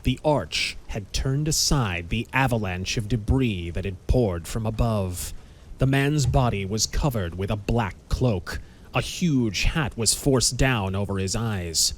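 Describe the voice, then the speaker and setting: Low-voiced man narrating a pulp audiobook. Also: lively intonation, slight background noise. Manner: measured, dramatic storytelling.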